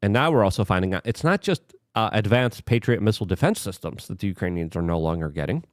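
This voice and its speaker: Brief: male online commentator, heated and sarcastic, lively swings in pitch, dry close sound. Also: fast, dry recording. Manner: heated, sarcastic, talks straight to the viewer. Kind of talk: political commentary.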